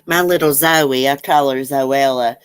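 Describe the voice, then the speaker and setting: Woman host, low voice, rambling chatty livestream talk, dry close sound. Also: measured pace, clear, resonant tone, no echo. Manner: chatty, rambling, laughs often. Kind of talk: casual chat reading viewer comments.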